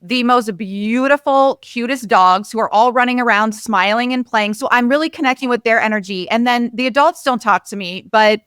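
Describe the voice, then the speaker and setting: Woman, podcast host, smooth clear voice, earnest and reflective, dry close sound. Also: on the high side, normal speed, hardly any pauses, a bit bright, no echo. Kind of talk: casual interview chat.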